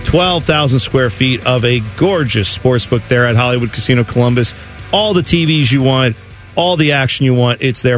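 A man's voice: medium pitch, no room sound, clean studio sound. A man hosting a sports radio show, telling stories in casual, joking banter with a co-host. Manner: animated, joking storyteller. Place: radio studio.

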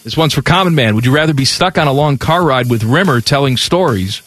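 Man, radio co-host, casual sports talk banter, animated delivery, faint music bed. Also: medium pitch, fast talker. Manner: reads listener questions aloud, playful and teasing.

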